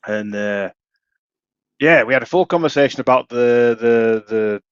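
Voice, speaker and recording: A man's voice: medium pitch, unhurried, clear, resonant tone, dry recording. Rambling Yorkshire man, dry dull sound. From Yorkshire, England. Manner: rambling, many restarts, swears, laughs often. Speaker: podcast co-host. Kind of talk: casual storytelling chat.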